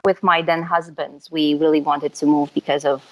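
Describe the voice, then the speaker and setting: A young woman from Romania, a photographer talking as a guest in a relaxed, chatty way, with fillers and easy laughs. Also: low voice, normal speed, rough recording. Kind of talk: casual interview chat.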